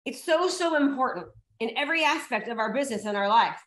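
A high-pitched woman coaching real estate agents at a seminar, all energy and emphasis. She hammers her key points home by repeating them and calling out to the crowd. Her voice rings through an echoey room. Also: animated, quick pace, fairly bright tone. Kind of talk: motivational seminar talk.

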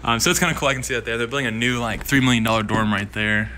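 A man's voice: mid-range voice, steady tone, racing, background noise. A young man, a college student, rambling through a casual tour of his dorm room with lots of fillers, talking to a handheld camera. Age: young adult. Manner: rambling, filler-heavy, wanders off topic.

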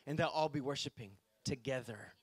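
A man's voice: medium pitch, brisk, breathy edge, no room sound. A man preaching a sermon to his congregation, reading scripture aloud and speaking to the people directly. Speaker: pastor. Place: church sanctuary.

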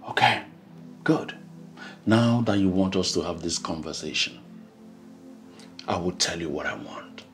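A Nigerian actor playing a controlling husband in a film drama, talking slowly and swinging from hushed pleading to loud outbursts. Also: male voice, low voice, lively intonation, faint music behind, heavily acted. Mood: calm. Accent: Nigerian English. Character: resentful controlling husband, man, adult.

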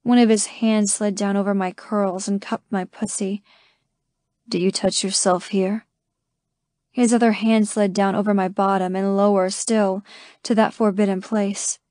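A woman reading a first-person romance audiobook in a slow, intimate way. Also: mid-range voice, level tone, warm tone, no echo, studio quality. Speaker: audiobook narrator. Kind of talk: scripted first-person narration.

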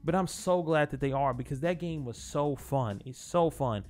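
Higher-voiced man, blunt rambling gamer. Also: normal speed. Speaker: gaming channel host. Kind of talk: casual gaming commentary.

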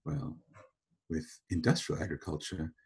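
A man's voice: rumbling low, expressive, measured pace, vocal fry, darkish tone, husky. A man hosting a podcast, explaining ideas in a thoughtful, storytelling way. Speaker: podcast host.

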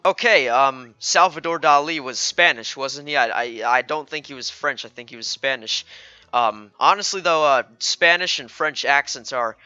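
A man's voice: mid-range voice, moderate pace, bright, forceful tone, smooth, no echo, muffled recording. A man narrating a video game playthrough in a rambling, jokey way, stammering and repeating words. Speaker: gaming YouTuber. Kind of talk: let's play commentary.

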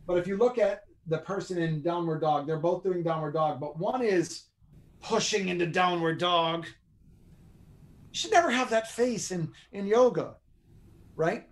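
A man as a podcast guest, explaining posture and exercise in an animated, joking coaching style. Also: high-pitched, a little slow. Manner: animated, joking, teaches by demonstration. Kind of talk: energetic coaching talk.

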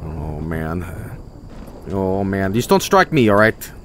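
A man streaming a game, talking casually and swinging between low mutters and loud exclamations. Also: sing-song, takes it slowly, slight background noise. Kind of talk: livestream game commentary.

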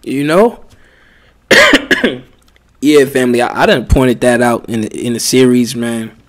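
A man's voice: medium pitch, big pitch swings, takes it slowly, a bit bright. A man who teaches religion, giving rambling, heated casual commentary with frequent restarts.

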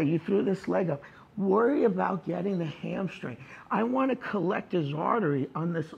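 A man's voice: sits high, vocal fry, husky, muffled recording. A man teaching a jiu-jitsu class in a gym, talking through techniques as he demonstrates them, informal and emphatic. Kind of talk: live class instruction. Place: training gym.

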